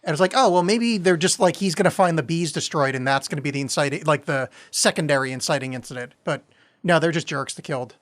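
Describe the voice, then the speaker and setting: A man in casual podcast chat with a slightly higher-pitched voice. He talks with excitement and swears freely as he reacts to a film. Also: fast. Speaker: podcast co-host.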